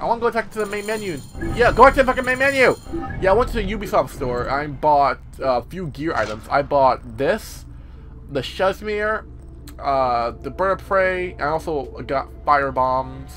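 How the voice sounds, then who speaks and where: A man hosts a let's play, talking over gameplay in a loud, joking, profanity-laced way. His voice is high and swings widely, with a bright, sharp edge and faint game music behind. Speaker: gaming video host.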